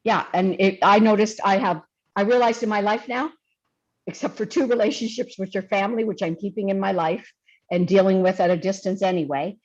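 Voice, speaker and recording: A woman speaks as a guest over a video call, and her audio comes through dull and muffled. She talks in a chatty, expressive way, acting out the things she once said to herself. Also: mid-range voice, brisk. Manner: chatty and expressive, acts out her own past remarks. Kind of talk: casual conversation.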